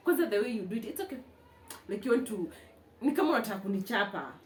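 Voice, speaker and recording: A woman's voice: medium pitch, expressive, racing, distant mic, a little hiss or hum. A young Kenyan woman co-hosting a casual chat, teasing playfully and mimicking her friend. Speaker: co-host. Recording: echoey room with faint ambience.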